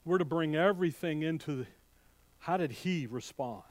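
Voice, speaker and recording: A man preaching a sermon with fiery, animated delivery, swinging between loud outbursts and hushed asides and speaking in a folksy, direct way to his congregation. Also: a little high, normal speed, no echo. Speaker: pastor.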